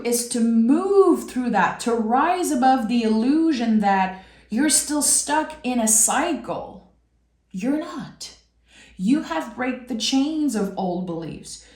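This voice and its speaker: A woman giving a slow, soulful tarot reading, speaking gently and earnestly to the viewer with drawn-out pauses and reassurance. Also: on the high side. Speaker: tarot reader. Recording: roomy echo.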